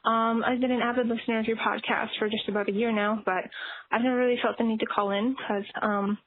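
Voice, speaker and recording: A shy woman from Canada leaving a hesitant voicemail message for a podcast, pausing often. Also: on the high side, flat delivery, dry recording. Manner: shy, hesitant, many pauses and fillers. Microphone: phone. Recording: tinny, dry phone voicemail.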